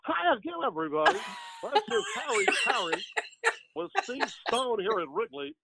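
A man's voice: very high voice, huge pitch swings, normal speed, gravelly, very noisy, voice pushed up, full character voice. A man doing an impression of an older male baseball announcer with a slurred, drawling delivery.

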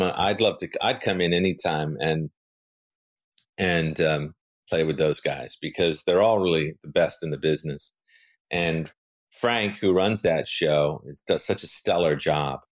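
A middle-aged man, a guest actor, chatting casually in an interview, rambling and correcting himself as he goes. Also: low-pitched. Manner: rambling, self-correcting, animated.

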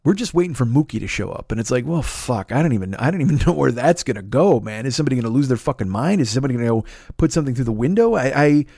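A man's voice: mid-range voice, rapid-fire, no echo, studio quality. A man hosting a podcast, telling a story as a profane rant and swearing constantly. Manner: animated, swears constantly, builds to shouting. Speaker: podcast host.

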